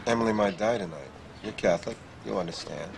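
A man's voice: on the low side, quick pace, gravelly. An actor playing a worried grown man who presses a friend about faith, in an urgent, clipped and earnest TV drama scene. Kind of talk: TV drama dialogue. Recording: TV clip with background noise.

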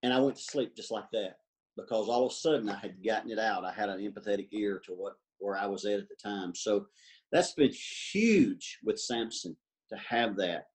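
A man sharing his story in a recovery support meeting, earnest and halting. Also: lowish voice, poor audio. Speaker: support group member.

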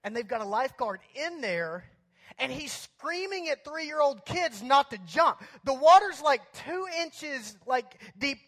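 Male pastor, high-pitched, loose and animated comic storyteller in a sermon. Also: unhurried. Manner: animated, chatty, many fillers like "like" and "you know".

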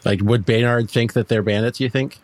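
A man's voice: medium pitch, fairly even intonation, a little fast. A man playing a tabletop role-playing game, talking in a hesitant, stammering way. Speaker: player. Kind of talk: casual tabletop game chat.

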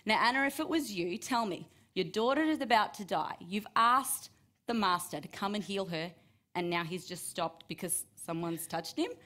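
A woman's voice: medium pitch, normal speed. Chatty woman telling a Bible story. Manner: lively, chatty, asks listeners by name, drops to hushed tones for emphasis. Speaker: children's Bible teacher. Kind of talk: storytelling sermon to children.

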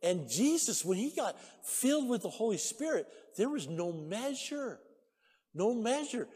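A man preaching a sermon as pastor, excitable, breaking into shouts and laughter. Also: sits high, unhurried, husky, long reverb tail. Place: church sanctuary.

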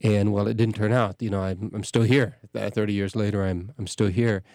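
Rambling low-voiced priest, dry studio sound. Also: male voice, level tone, a little mellow, no echo. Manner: rambling, halting, with many restarts and fillers. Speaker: parish priest hosting a show. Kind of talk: casual talk.

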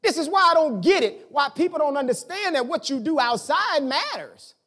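A male pastor preaching a conversational sermon, with sudden rises and drops in loudness as he makes his points. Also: moderate pace. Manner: conversational preaching with lively swings in pitch and volume.

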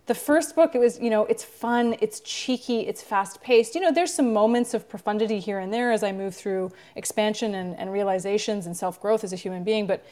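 A woman's voice: mid-range voice, brisk, hardly any pauses, darkish tone. Chatty reflective woman author. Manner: reflective and chatty, many fillers. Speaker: author being interviewed. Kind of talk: casual interview talk.

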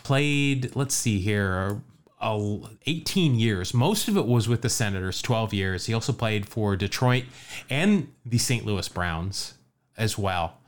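A man's voice: lowish voice, animated, slow. A man co-hosting a podcast, telling baseball history in casual chat with frequent laughs and asides. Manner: laughs often, storytelling with asides. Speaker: podcast co-host.

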